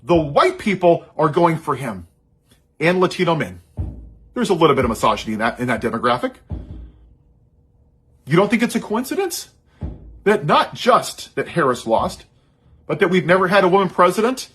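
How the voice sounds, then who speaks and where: A man's voice: on the high side, big pitch swings, normal speed, long pauses, a bit bright, breathy edge. A man giving an impassioned, sarcastic political monologue. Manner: sarcastic, heated, mocking asides. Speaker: social media commentator.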